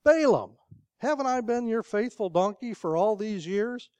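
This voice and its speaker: A man's voice: high voice, animated, measured pace, darkish tone, clean tone, dry recording, pitched above the performer's own voice. A man voicing an exasperated female donkey who protests at being beaten, with indignant, pleading protests.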